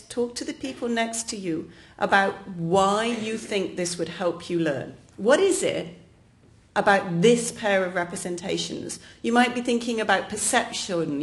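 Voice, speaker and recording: An English woman delivers a keynote lecture. She is lively and jokey, and she keeps turning to the audience and talking to them directly. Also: medium pitch. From England. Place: lecture hall.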